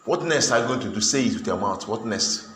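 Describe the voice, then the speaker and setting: A man's voice: on the low side, expressive, brisk, a bit bright, roomy sound, a little hiss or hum. A man tutoring a pupil in math, sternly repeating questions and pressing for answers.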